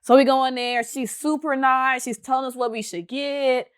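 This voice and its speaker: Animated young woman telling a story. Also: high voice, moderate pace, clear, resonant tone. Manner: animated, laughing, acts out what others said. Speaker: podcast host. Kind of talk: casual storytelling chat.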